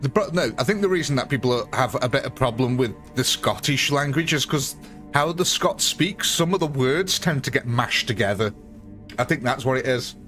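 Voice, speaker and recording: Chatty English streamer with music. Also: male voice, medium pitch, animated, moderate pace, a bit bright. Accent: English, northern. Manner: chatty, laughs often, answers chat by name. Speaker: game streamer. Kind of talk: live-stream chat and commentary.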